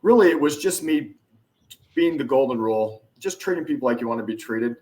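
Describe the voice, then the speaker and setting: Male podcast guest, mid-pitched, animated storyteller voicing the people in his anecdotes. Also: fairly quick. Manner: animated, acts out dialogue in anecdotes. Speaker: podcast guest, influence expert. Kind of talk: casual storytelling interview.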